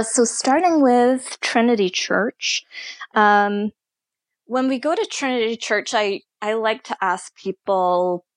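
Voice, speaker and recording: A woman who leads tours talks through her stories in an interview, taking her time and choosing her words with care. Her voice sits at an ordinary middle pitch. The recording is close and dry, with no room sound. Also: no echo. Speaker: tour guide and guest. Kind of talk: conversational storytelling interview.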